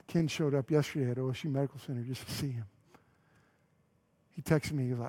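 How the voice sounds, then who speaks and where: Husky male preacher, a bit higher than most men, animated storytelling sermon. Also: fairly quick, pauses often. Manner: animated storytelling, acting out dialogue, dropping to a hush on key lines. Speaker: pastor.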